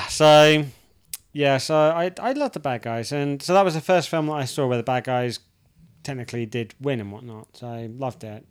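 A man's voice: medium pitch, animated, unhurried, long pauses, clean tone. A man in his thirties ranting in casual chat, swearing freely and restarting his sentences.

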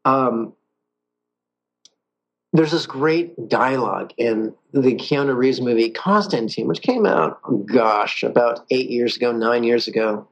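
Husky man teaching meditation, laid back and playful, stretches out his words. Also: mid-range voice, dull audio. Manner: calm and playful, drawn-out pauses. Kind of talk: guided meditation lesson.

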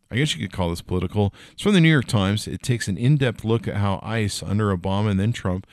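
A man's voice: low voice, darkish tone, no echo, clean studio sound. A middle-aged man hosting a podcast, chatting casually about tech news with rambling, jokey asides and lots of fillers. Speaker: podcast host.

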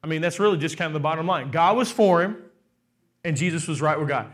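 A man's voice: fairly high pitch, quick pace, fairly bright tone. A pastor preaching a sermon, often asking the congregation "how many know" and stressing his words. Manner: rhetorical, asks the crowd "how many know", emphatic.

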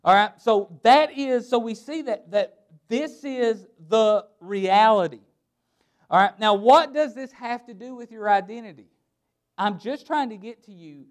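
A man's voice: high-pitched, measured pace. A male pastor preaching a sermon to a small church congregation, reading scripture aloud and breaking into laughing asides.

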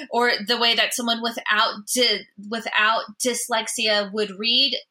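A woman being interviewed, her voice sitting fairly high and ringing bright. She stutters, repeating first sounds, but keeps talking with lively energy. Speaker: guest. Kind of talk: interview conversation.

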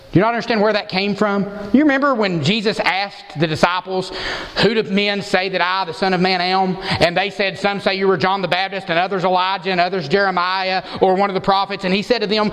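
A man's voice: high voice, fairly bright tone. A man preaching an expository sermon as pastor, emphatic and posing rhetorical questions to the congregation. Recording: long hall reverb.

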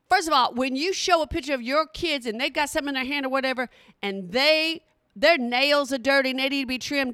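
A woman's voice: sits high, a little fast, bright, forceful tone, dry recording, studio quality. A middle-aged woman, talking bluntly and playfully straight to her audience in a casual comedic monologue. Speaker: vlogger.

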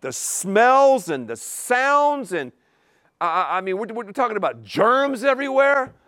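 This pastor's sermon comes in an unhurried, high voice full of dramatic rises and falls. He repeats individual words emphatically, throws rhetorical questions at the congregation, and occasionally stumbles as his pace quickens, all captured in a close, dry recording.

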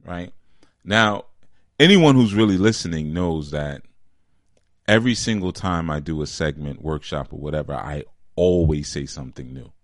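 A man giving an informal spiritual teaching, conversational and deliberate, often checking in with "you see?" and slowing down to stress key words. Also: a bass voice, no room sound, studio quality.

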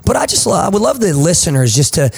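Man with a jersey accent, podcast host, hype motivational talk, slightly high voice. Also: very animated, quick pace, gravelly, a little mellow, breathy edge. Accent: New Jersey. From New Jersey. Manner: hype, motivational, calls people man and boss. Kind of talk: energetic podcast chat. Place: studio.

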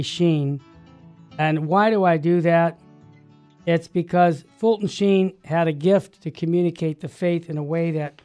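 A man hosting a religious talk radio show, teaching with fervent emphasis that builds to loud exclamations. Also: on the high side, clear, resonant tone.

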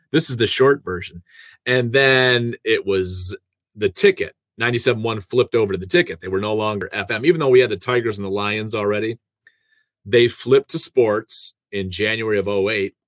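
Chatty low-voiced radio man. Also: fairly bright tone, no echo. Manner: chatty, self-deprecating, quick asides. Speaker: radio host and producer. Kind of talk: casual conversational storytelling.

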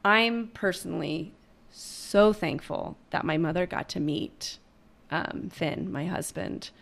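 A woman's voice: lowish voice, slow, gravelly. A woman in her thirties talking openly and earnestly about her family in a candid conversation. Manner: earnest, open, emotional, many ums.

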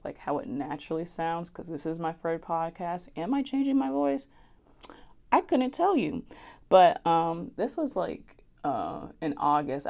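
A woman's voice: sits low, a little mellow. A young woman from New Jersey hosting her own podcast, chatting and rambling in a casual solo monologue with frequent giggles. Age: young adult. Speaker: podcast host.

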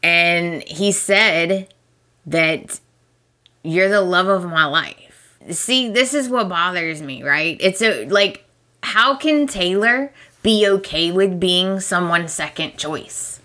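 A woman's voice: lowish voice, lively intonation, takes it slowly, bright, forceful tone. A woman hosting a podcast, chatting casually and emphatically as she recaps a soap opera, often laughing. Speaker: podcast host.

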